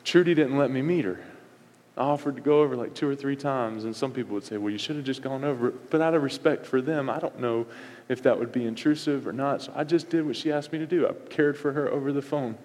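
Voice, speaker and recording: A middle-aged man preaching from the pulpit, hammering short phrases again and again and swinging up into emphatic peaks. His mid-pitched voice rings out in a church sanctuary, trailing a long hall reverb. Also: brisk, a little mellow. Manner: punchy, repetitive preaching with rising emphatic outbursts. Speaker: pastor. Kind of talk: sermon.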